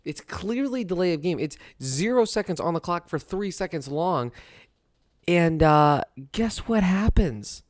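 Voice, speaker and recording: A man's voice: high-pitched, expressive, a little slow, dry recording, clean studio sound. A young adult man hosting a casual sports talk monologue, rambling and rueful, laughing at his own misery. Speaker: podcast host.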